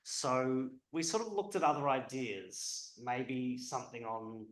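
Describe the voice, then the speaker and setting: A man's voice: mid-range voice, measured pace, reverberant, rough recording. A man speaking at a public event as a historian, conversational and hesitant with frequent ums.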